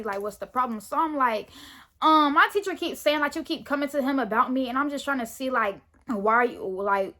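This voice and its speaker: A teenage girl with a high, bright voice tells a school story straight to the camera. She is animated and indignant, acting out each line of the argument in her retelling. The delivery is loose and casual, full of quoted back-and-forth. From Florida, US. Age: teens. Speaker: vlogger telling a story.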